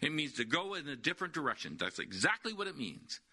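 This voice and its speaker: A man's voice: fairly high pitch, sing-song, fast, sharp tone, slightly rough. A man preaching a sermon, emphatic, repeating key words and asking rhetorical questions.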